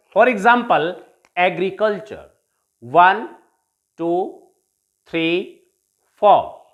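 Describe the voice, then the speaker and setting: A woman with an Indian accent teaching English syllables in a classroom-style lesson. She drills words slowly and repeats them for learners to copy. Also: mid-range voice, fairly bright tone.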